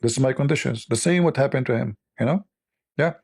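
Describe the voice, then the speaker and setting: A man's voice: medium pitch, fast, vocal fry, darkish tone, husky. A man hosting a livestream, talking in a sarcastic, mocking and rambling way. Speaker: livestream host. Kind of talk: casual livestream commentary.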